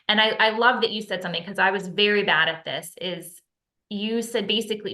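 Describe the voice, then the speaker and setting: A middle-aged mother hosting an interview, agreeing warmly and getting emotional, with frequent restarts. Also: medium pitch, normal speed. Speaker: interview host. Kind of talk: interview conversation.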